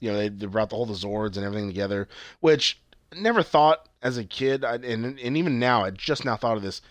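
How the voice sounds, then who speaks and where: A man's voice: mid-range voice, expressive, a little fast, dry recording. A man co-hosting a casual chat about a TV show, rambling and swearing, with lots of fillers and restarts. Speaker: podcast co-host.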